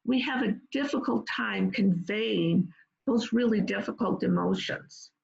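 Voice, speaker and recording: A woman's voice: medium pitch, unhurried, gravelly, highs cut off. A woman presenting an online workshop, explaining things earnestly and step by step. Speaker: webinar presenter on peer support.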